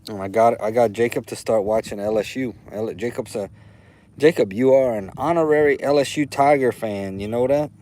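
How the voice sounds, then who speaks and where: A man's voice: mid-range voice, normal speed, mellow, poor audio. A man from Louisiana with a Louisiana accent, hosting a casual livestream, rambling and heartfelt, repeating himself as he talks. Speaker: livestream host. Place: outdoors.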